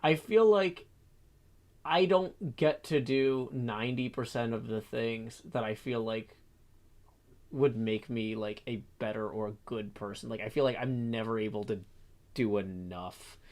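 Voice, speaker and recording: Middle-aged man, casual stream chat, rambling delivery full of restarts and fillers, mid-range pitch. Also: measured pace, a little mellow. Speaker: streamer and host.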